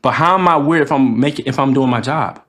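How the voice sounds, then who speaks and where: Speaking a little fast in a mid-range voice, a young man live streams a storytime full of swearing. He's animated and slangy throughout, and the room gives the recording a noticeable echo.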